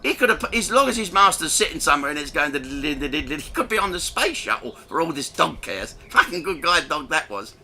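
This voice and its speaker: A middle-aged man telling a crude, self-mocking anecdote in an animated way, laughing between lines. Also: a little high, quick pace, few pauses. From England. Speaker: comedian telling a story. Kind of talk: storytelling anecdote.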